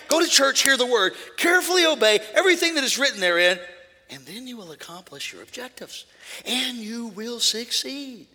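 A middle-aged man preaches with a sharp, bright, fairly high voice that rings out with a long hall echo. He tells stories in low, quiet asides, then builds to shouted declarations on a stage mic. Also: big pitch swings, moderate pace. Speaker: pastor. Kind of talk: energetic sermon.

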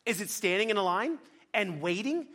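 A middle-aged man delivering a sermon with a fairly high voice. He tells stories about himself in an animated, quick, self-mocking way, acting out little scenes as he goes. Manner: fast-talking, animated, self-deprecating storytelling. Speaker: pastor.

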